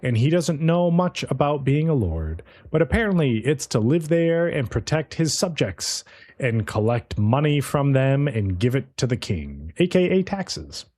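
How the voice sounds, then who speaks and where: A man's voice: medium pitch, measured pace. A man co-hosting a podcast, casually recapping an anime episode with profanity and playful character impressions. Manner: animated, profane storyteller, playfully mimics characters. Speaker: podcast co-host.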